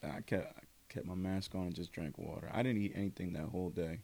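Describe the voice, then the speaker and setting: A man's voice: low voice, a little fast, dark tone. A young man co-hosting a podcast, chatting casually in a laid-back, rambling way with plenty of swearing and fillers. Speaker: podcast co-host. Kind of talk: casual chat.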